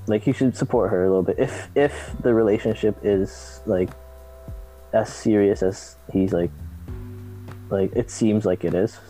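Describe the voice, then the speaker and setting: A man's voice: on the low side, steady tone, measured pace, mellow, soft background music, poor audio. A man in casual chat who talks hesitantly, with many restarts and fillers.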